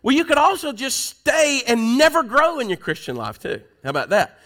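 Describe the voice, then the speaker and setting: A middle-aged male pastor preaches with a fairly high, bright voice. He throws questions out to the congregation and moves from loud, urgent lines to quiet ones. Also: sing-song, normal speed. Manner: preaching with call-and-response questions, swings between loud and soft. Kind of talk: sermon.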